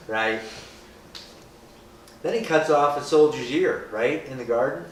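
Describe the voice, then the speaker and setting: This is a man with a medium-pitched voice at a moderate pace, leading a group in an informal, humorous Bible discussion. He chats casually, asks questions he doesn't expect answered, often says "right?" and acts out people's reactions. Recorded at a distance in an echoey room with the group, it sounds roomy with a slight hiss.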